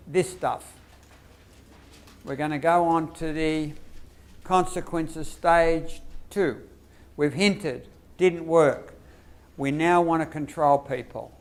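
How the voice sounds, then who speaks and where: Aussie guy running a teacher workshop, bit higher voice, keeps quizzing the crowd. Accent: Australian. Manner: lively, asks the audience questions, acts out teacher phrases. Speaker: lecturer on behaviour management.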